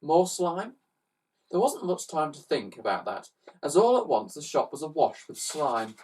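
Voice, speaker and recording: A man reading a children's story aloud with expressive, animated narration, recorded on a slightly distant mic. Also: a little high, measured pace, slightly rough. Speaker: storybook reader.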